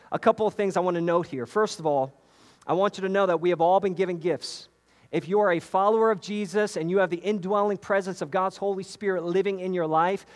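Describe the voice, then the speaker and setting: Man from New York, lively preacher in a reverberant sanctuary, higher pitch. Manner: animated preaching with repetitions and asides to the congregation. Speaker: pastor. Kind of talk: sermon. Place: church sanctuary.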